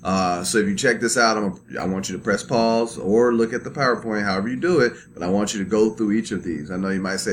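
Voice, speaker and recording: A man with a fairly low voice walks through slides in a relaxed, chatty lecture, checking in with "right?" and leaning on "uh" between points. A faint hiss sits under the recording. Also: fast, few pauses. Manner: loose, conversational, many fillers and "right?" checks. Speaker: instructor.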